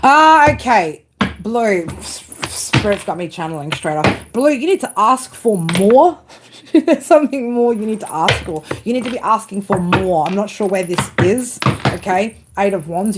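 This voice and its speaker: A blunt woman reads tarot on a home live stream and swears freely as she talks to her viewers. Her voice sits at an ordinary middle pitch. Steady background noise runs under the whole recording. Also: normal speed. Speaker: tarot reader. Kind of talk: live tarot reading and chat.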